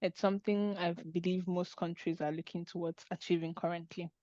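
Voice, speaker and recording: A woman's voice: on the low side, steady tone, fairly quick, dark tone, no echo, dull audio. A woman hosting an online webinar discussion, talking in an earnest, conversational way over a video call. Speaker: webinar host.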